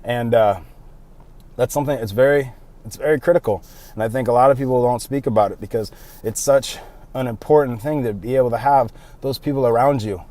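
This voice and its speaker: A man's voice: mid-range voice, brisk, dark tone. A young man talking casually and rambling a bit, out of breath, recorded on a handheld phone while doing cardio outdoors. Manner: loose, rambling, with fillers and self-mocking asides. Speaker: powerlifting vlogger. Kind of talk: casual vlog monologue. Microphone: phone held in hand.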